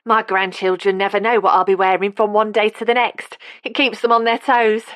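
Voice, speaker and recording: A woman's voice: medium pitch, little pitch movement, fairly quick, a bit bright, dry recording, voice pushed up, close to an everyday voice. A woman voicing a practical, no-nonsense elderly woman who speaks with a Cockney accent. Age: older.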